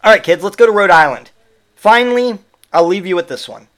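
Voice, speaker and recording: A man with a notably high voice hosts a podcast in a mocking, foul-mouthed rant. His delivery is sarcastic and full of jokes at others' expense. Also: lively intonation, a little fast, fairly bright tone. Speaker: podcast host. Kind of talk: comedic monologue rant.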